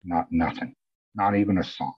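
A man's voice: deep voice, normal speed, husky, no echo. A man guest on a podcast, candidly and emotionally retelling events with many restarts. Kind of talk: candid conversational storytelling. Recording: dull lo-fi audio.

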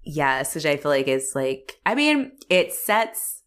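A woman co-hosting a casual podcast chat, animated and laughing often, with lots of fillers. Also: low-pitched, slow pace. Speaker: podcast co-host.

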